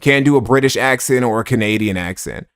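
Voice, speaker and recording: A man's voice: medium pitch, brisk, fairly bright tone, clear, resonant tone. A man giving sarcastic, profane, rambling commentary on a livestream while reading donations. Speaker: streamer reacting to clips.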